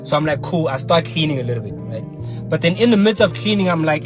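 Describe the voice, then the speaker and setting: A man telling a personal story in a casual, slangy, animated way, swearing often. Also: on the high side, fast talker. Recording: loud music under the voice.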